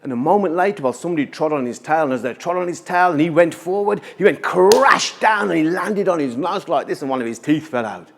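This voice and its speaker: A man's voice: a little high, expressive, fast, few pauses, slight background noise. A man telling a folktale live at a museum event, dramatic, with rhythmic repetition and spoken sound effects. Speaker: storyteller.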